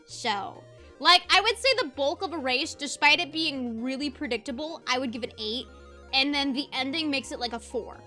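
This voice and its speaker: A woman's voice: high voice, normal speed, pushed and bright, soft background music. A young woman streaming as a VTuber, ranting passionately in casual commentary and laughing easily.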